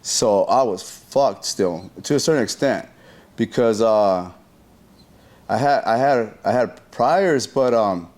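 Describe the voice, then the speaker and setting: A man's voice: lowish voice, slow pace. Slangy man telling a story, sound effects and all. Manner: slangy, profane talk full of sound effects; animated retelling that acts out what people said. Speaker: interview guest telling a story. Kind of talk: casual storytelling interview.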